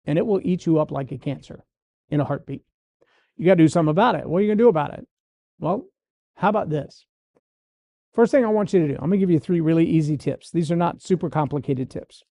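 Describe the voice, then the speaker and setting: A man's voice: high-pitched, warm tone, no room sound, clean studio sound. A man hosting a show, giving a folksy motivational talk and acting out the voices he quotes. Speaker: motivational speaker and podcast host.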